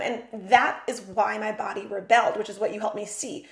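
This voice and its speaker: A woman's voice: on the high side, steady tone, fairly quick, hardly any pauses, reverberant. A woman hosting a podcast, talking candidly and animatedly, with casual swearing. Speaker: podcast host. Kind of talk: candid conversational chat.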